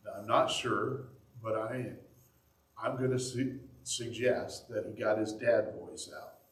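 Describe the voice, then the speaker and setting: A man's voice: on the low side, steady tone, a little slow, recorded from a distance. Man preaching in an echoey room. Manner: conversational storytelling, acting out quotes. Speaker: pastor. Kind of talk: sermon. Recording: echoey room, speaker away from the mic.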